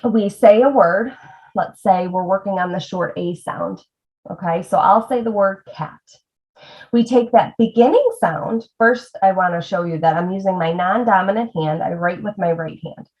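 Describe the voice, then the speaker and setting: A woman reading tutor teaching parents a sound-tapping reading game, breaking words slowly into their sounds and talking straight to the viewer. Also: mid-range voice, a little mellow. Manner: demonstrating sounds slowly, addressing parents directly. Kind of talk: instructional video lesson. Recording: slightly dull lo-fi video audio.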